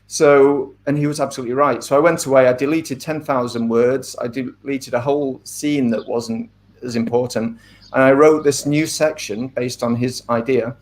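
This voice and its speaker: Thoughtful man speaking in measured asides. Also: medium pitch, steady tone. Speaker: author being interviewed. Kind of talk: casual interview talk.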